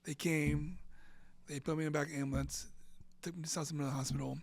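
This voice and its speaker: A man in his fifties with a raised pitch and a gravelly, fry-laden edge to his voice. He tells his personal story with animated energy, repeating words as he goes, and the sound is close and dry. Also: quick pace, dry recording. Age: 50s. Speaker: interview guest.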